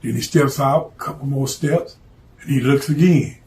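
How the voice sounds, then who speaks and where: A man's voice: medium pitch, normal speed, darkish tone, a little hiss or hum. A man telling a story from his past in a blunt, profane, streetwise way.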